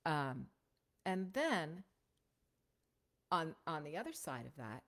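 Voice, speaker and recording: A woman teaching voiceover technique in a casual, conversational way, often checking in with a quick "right?". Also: sits low. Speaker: voiceover coach.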